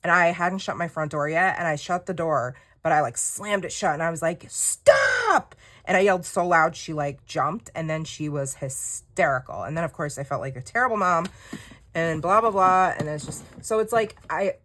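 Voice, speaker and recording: A woman's voice: low-pitched, normal speed, fairly bright tone. A woman chats casually while she journals. She rambles candidly through a personal story and acts out the dialogue herself. She sounds to be in her thirties. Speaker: journaling creator.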